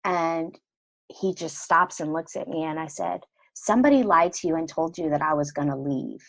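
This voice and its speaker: Middle-aged woman guest, low voice, animated storyteller, dry close studio sound. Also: normal speed, no echo, rough recording. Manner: animated, acts out quoted dialogue. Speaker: podcast guest. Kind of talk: conversational storytelling.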